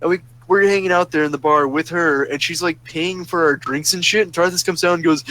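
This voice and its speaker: A man's voice: a little high, steady tone, a little fast, hardly any pauses, pushed and bright, a little hiss or hum, low-quality recording. Profane, ranting young-sounding man. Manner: profane, sarcastic ranting that flares up angry. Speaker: storyteller ranting about a roleplay server. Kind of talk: casual ranting monologue.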